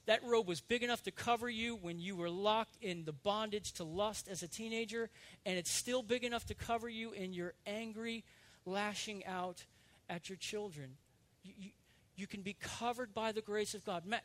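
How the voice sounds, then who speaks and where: A man with a fairly high voice delivers a sermon to his congregation. He speaks earnestly and confessionally, repeating words as he gathers his thoughts, then presses into fervent, ringing emphasis. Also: brisk, a bit bright. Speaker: pastor.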